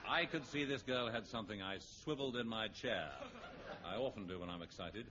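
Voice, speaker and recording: A man hosting and narrating a 1960s radio comedy in a dry, deadpan way. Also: lowish voice, brisk, over a noisy crowd. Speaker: host and narrator. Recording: muffled vintage radio recording with hiss.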